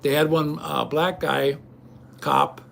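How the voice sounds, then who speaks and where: A man's voice: on the high side, fairly even intonation, slow pace, creaky, fairly bright tone. An older man hosting a livestream, ranting indignantly and rambling straight at his viewers. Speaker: livestream host. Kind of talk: casual rant to viewers.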